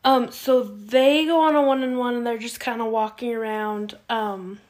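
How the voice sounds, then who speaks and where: Woman, podcast co-host, casual recap chat, animated storytelling, slightly high voice. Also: moderate pace. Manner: animated storytelling, acts out quotes.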